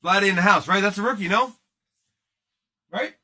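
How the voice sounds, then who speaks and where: Rowdy male card-break host, high and lively, bright voice, jokey rambling patter with cursing. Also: normal speed. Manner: loud, joking, rambling, swears often. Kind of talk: casual livestream card break.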